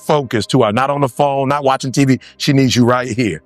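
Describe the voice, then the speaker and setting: A man giving an animated motivational speech, repeating lines for emphasis and acting out other voices. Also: medium pitch, a little fast, dry recording, soft background music. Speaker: motivational speaker.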